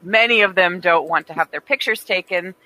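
A woman's voice: on the low side, a little fast, bright, forceful tone, low-quality recording. A woman in a casual comedy chat, teasing and matter-of-fact.

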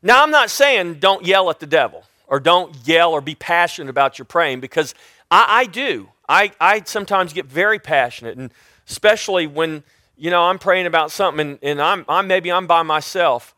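Loud, emphatic high-voiced man preaching. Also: animated, normal speed, no room sound, clean studio sound. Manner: loud, emphatic delivery with repeated restarts. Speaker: Bible teacher. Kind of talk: sermon-style Bible teaching.

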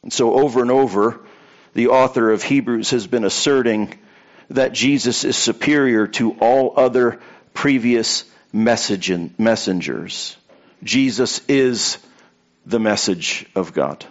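A man's voice: lowish voice, lo-fi sound. A man preaching a sermon to a congregation in a conversational way, telling anecdotes and repeating key points for emphasis. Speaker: pastor.

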